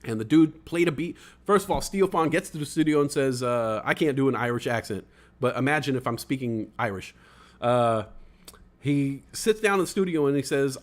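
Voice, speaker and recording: A man hosting a casual livestream podcast, reading chat comments aloud and rambling excitedly, swearing now and then. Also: a little high.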